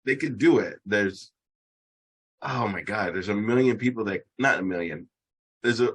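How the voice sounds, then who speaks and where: A man's voice: fairly low pitch, moderate pace, husky. A man in a casual podcast chat, rambling and swearing as he restarts his sentences.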